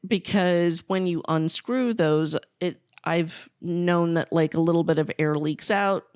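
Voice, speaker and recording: A woman co-hosting a podcast, telling a story in a casual, animated way and swearing freely. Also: lowish voice, measured pace, few pauses, clear, resonant tone, dry recording, clean studio sound. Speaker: podcast co-host.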